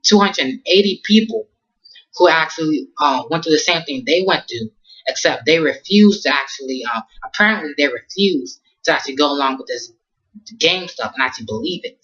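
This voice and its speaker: A man's voice: fairly high pitch, animated, brisk, fairly bright tone, muffled recording. A man casually recapping an anime episode in slangy talk, rambling with lots of ums and restarts. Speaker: anime reviewer.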